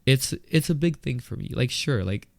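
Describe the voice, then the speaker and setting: A young man with a lisp, made stronger by retainers, hosting his own podcast in a candid, excitable way. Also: medium pitch, creaky, dry recording. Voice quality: lisp, more pronounced with retainers in. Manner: excitable and candid, laughs, quick asides. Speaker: podcast host. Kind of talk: solo podcast monologue. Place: indoors, filmed on camera.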